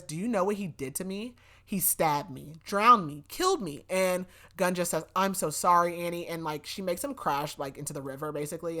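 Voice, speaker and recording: A young woman hosting a podcast, recapping a novel in a casual, chatty way with lots of fillers and frequent laughs. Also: on the low side. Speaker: podcast host. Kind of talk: casual book recap chat.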